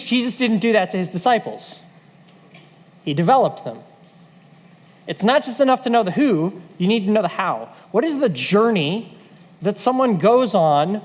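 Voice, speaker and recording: A man's voice: high-pitched, big-room sound. A man leading a church leadership training, talking conversationally and acting out quoted voices.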